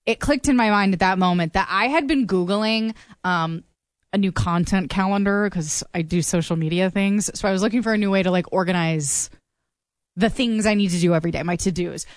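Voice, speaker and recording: A woman's voice: mid-range voice, expressive, normal speed, no room sound, clean studio sound. A woman chatting casually and telling a wry story, acting out the voices of others. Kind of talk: casual chat.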